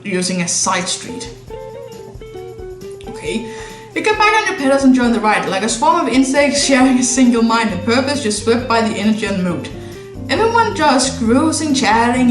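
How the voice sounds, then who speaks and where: Streamer woman, high lively reader, echoey room, faint music behind. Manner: chatty asides and laughter between read lines. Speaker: streamer reading a visual novel aloud. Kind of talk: casual game playthrough narration.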